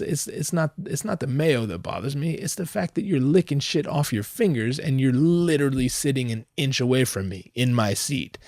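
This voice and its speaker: A man hosting a podcast, telling a comic story in a profane, slangy, animated way, jumping from loud outbursts to low asides. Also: no echo, clean studio sound. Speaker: podcast host.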